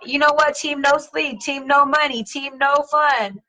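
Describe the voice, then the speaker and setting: A middle-aged woman hosting a casual chat, reading viewer comments, slangy and animated, swearing casually and laughing often. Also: sits high, measured pace, low-quality recording. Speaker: host.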